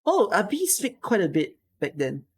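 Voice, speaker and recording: A tired streamer reading out follower names on a live stream, chatting casually and getting emotional and excitable, close to tears. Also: mid-range voice, a little slow.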